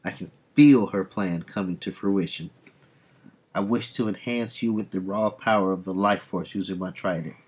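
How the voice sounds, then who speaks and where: A man's voice: deep voice, steady tone, moderate pace, breathy edge. A man voicing a grave, ancient male sea god, reading solemn archaic lines from a comic.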